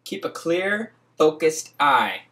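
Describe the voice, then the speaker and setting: A man putting on a slow, dramatic voice for a rhyming hustler's creed. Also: fairly high pitch, sing-song, noisy background. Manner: slow, dramatic, rising delivery.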